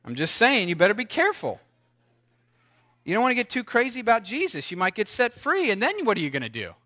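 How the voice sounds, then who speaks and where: A man preaching with a high, bright, ringing voice. He teases his listeners with ironic warnings, then lifts into exclaimed peaks before dropping to quiet asides. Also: wildly swooping pitch, fast talker. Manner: dynamic, swings from hushed asides to exclaimed highs. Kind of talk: sermon.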